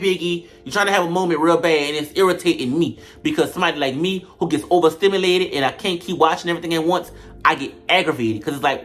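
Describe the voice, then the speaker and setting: A woman giving blunt, slangy commentary on a reality show, swinging between loud outbursts and low mutters. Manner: animated, blunt, slangy trash talk. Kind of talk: casual reaction commentary.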